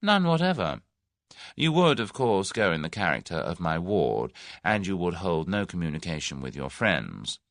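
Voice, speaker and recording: A man's voice: low-pitched, big pitch swings, normal speed, fairly bright tone, no room sound, clean studio sound, exaggerated voice. A man doing a suave scheming businessman. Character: smooth, scheming middle-aged businessman, genial then menacing.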